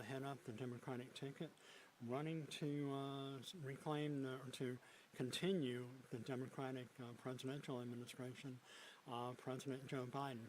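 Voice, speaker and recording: A man anchoring a local TV news broadcast from a studio desk, often restarting his sentences and filling pauses with "uh". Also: mid-range voice, a little hiss or hum, low-quality recording. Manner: halting, frequent fillers and restarts. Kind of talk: news broadcast with unscripted asides.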